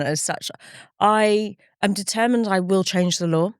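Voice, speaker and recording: A woman's voice: medium pitch, takes it slowly, clear, resonant tone, dry recording, clean studio sound. A middle-aged woman speaking candidly as a campaigner in an interview, earnest and reflective, often retelling conversations in quoted speech. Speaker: campaigner guest.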